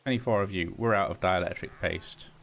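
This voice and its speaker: A man hosting a relaxed gaming session, thinking aloud and chatting to the items he crafts. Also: sits low, brisk, gravelly. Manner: muses aloud, talks to game items. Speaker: gaming channel host. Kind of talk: casual gameplay commentary.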